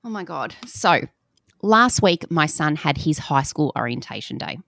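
A woman's voice: deep voice, lively intonation, a little slow, creaky, fairly bright tone, no echo. A woman in her forties co-hosting a podcast, telling stories in a dry, wry way. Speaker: podcast co-host. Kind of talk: casual chat.

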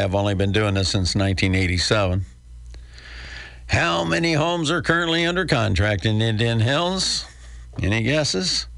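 Gravelly-voiced older man, folksy radio host. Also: mid-range voice, fairly bright tone, dry recording. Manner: folksy, chatty, wry asides. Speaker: real estate radio host. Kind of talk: casual radio talk with a live ad read.

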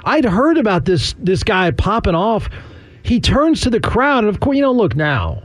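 A man's voice: high voice, very animated, normal speed, no echo. A man hosting a sports talk radio show, chatting casually in a sarcastic, rambling way with frequent chuckles.

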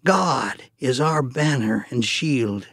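A man's voice: mid-range voice, takes it slowly, gravelly, no echo, studio quality, exaggerated voice. A man reading a steadfast young hero. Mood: calm. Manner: steady, earnest, rising to loud declarations. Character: calm brave young male shepherd hero.

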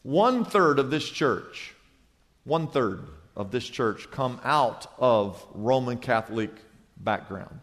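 A man preaching a sermon to a congregation as pastor, telling a joke with lively acted-out voices. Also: mid-range voice, slow pace. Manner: animated storytelling, acts out characters in a joke. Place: church hall before a congregation. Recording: long reverb of a church hall.

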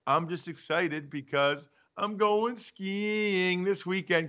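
A man co-hosting a sports talk show from home, bantering in a teasing, animated way. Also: sits high, takes it slowly, dull audio. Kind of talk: casual sports radio banter. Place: home studio.

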